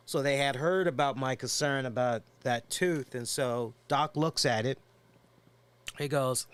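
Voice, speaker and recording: A male podcast host talks in an easygoing, rambling way, full of fillers and restarts. His pitch sits in the middle range for a man. He is nursing a headache but keeps the chat going. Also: normal speed, smooth. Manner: rambling storyteller with frequent fillers and laughs. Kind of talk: casual chat.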